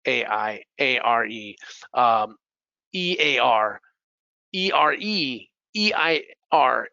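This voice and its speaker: A man with an American accent teaching English pronunciation to Spanish speakers, repeating words slowly to drill the sounds. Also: mid-range voice, lively intonation, creaky, sharp tone, no room sound, dull audio. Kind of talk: bilingual pronunciation lesson.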